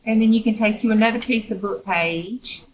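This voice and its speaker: A woman's voice: fairly high pitch, normal speed, slight background noise, low-quality recording. A woman teaching a step-by-step craft tutorial in a folksy, chatty way, often checking in with "okay?".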